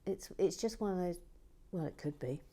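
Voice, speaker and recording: A woman chatting casually while building, playful and teasing, often dropping into soft whispered asides. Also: fairly low pitch, moderate pace, background noise. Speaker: LEGO building vlogger. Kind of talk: casual chat while building and reading comments.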